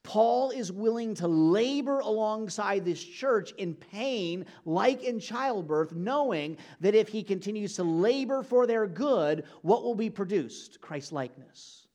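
High-voiced earnest male preacher. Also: expressive, measured pace, hardly any pauses, darkish tone. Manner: earnest, direct address to congregation. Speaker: pastor. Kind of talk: sermon.

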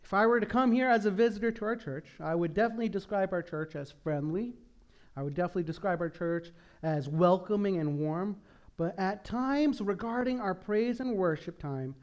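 Male pastor, very high voice, emphatic sermon, hushed to loud, church. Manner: emphatic, swings from hushed prayer to loud exhortation. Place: church sanctuary.

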